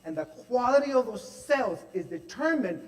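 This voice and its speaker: Man, testimonial sermon, storytelling, fillers, hushed quotes, echoing hall. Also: very high-pitched, expressive, normal speed. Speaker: speaker at a spiritual center service. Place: large hall at a spiritual center. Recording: long hall reverb.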